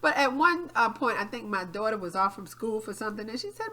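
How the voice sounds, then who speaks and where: A woman co-hosting a podcast, telling a story in casual chat and acting out quotes loudly, with frequent laughs and swearing. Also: fairly high pitch, a little fast, hardly any pauses. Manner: animated, acts out quotes loudly. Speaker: podcast co-host.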